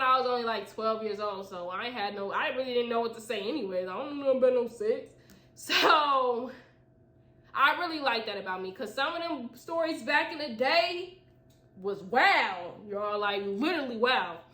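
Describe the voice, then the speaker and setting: Woman host reading her old story out loud, chatty laughing asides, bright sharp voice, echoey room. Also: fairly high pitch. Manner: animated, laughing, slangy. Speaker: podcast host.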